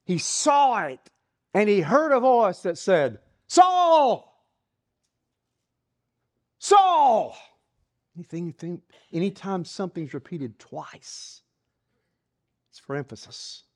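A preacher giving a sermon, retelling a story dramatically and dropping to hushed whispers, often repeating words while building a scene. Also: mid-range voice, animated, a little slow.

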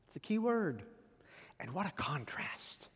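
A pastor preaching to his congregation in a long-reverb sanctuary, his fairly high voice leaping from soaring, emphatic peaks down to hushed asides. The delivery is lively and dramatic, built to hold a room. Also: unhurried, breathy edge. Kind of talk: sermon.

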